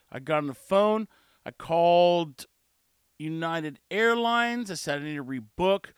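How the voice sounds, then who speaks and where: A man's voice: high voice, a bit bright, clean tone, no room sound, studio quality. A man ranting in a podcast monologue, getting worked up as he retells a frustrating day with quoted dialogue. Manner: exasperated, gets worked up; repetitive storytelling with quoted dialogue. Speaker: podcast host.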